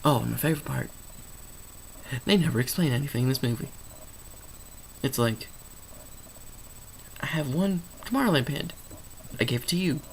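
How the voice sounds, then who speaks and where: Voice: mid-range voice, animated, normal speed, creaky, pauses often, a little hiss or hum, low-quality recording. A vlogger rambling through an unscripted movie review, sarcastic and emphatic, often correcting themself mid-sentence. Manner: rambling, stream of consciousness, self-correcting.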